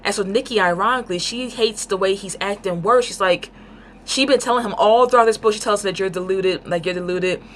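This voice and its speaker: A woman giving a casual book review, talking in an excited, rambling way with lots of fillers. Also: mid-range voice, fast talker, slight background noise.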